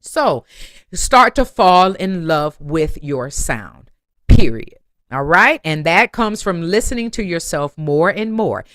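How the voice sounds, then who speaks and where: Bright, animated woman voice teacher. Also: fairly low pitch, slow, no room sound, studio quality. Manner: encouraging, demonstrates with sung phrases and exercises. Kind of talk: online singing lesson.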